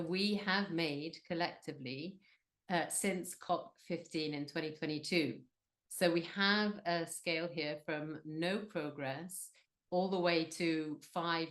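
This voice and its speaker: A woman's voice: deep voice, fairly bright tone. A woman moderating an online business webinar, upbeat and encouraging, with many fillers.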